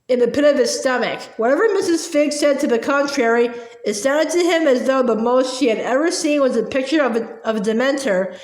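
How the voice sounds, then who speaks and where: A woman narrates a storybook in a steady, plain manner. Her voice is high. The recording carries a roomy echo. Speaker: audiobook reader. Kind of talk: storybook reading.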